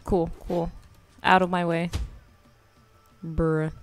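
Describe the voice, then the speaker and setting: A woman in her twenties giving casual, slangy commentary while streaming a game, chatty and quick to laugh. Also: lowish voice, level tone, soft background music. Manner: laid-back, chatty, slangy, laughs often.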